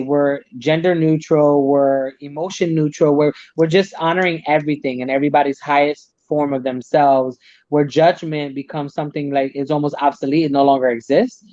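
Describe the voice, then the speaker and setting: A man's voice: on the high side, fairly even intonation, brisk, a little mellow, dry recording. A man talking casually as a talk show guest, a Chinese medicine practitioner, who explains ideas at length with many restarts. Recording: dull dry audio.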